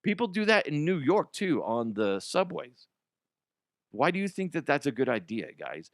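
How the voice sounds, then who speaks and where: A man hosting a radio show, riffing on odd news stories in a loud, crude and profane way. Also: on the high side, very animated, normal speed, dry recording, studio quality. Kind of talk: crude comedic news talk.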